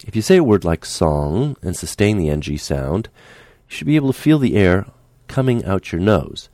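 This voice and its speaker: A man teaching a speech lesson, calm and patient, demonstrating the sounds aloud as he explains them. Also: sits low, normal speed, no echo, studio quality.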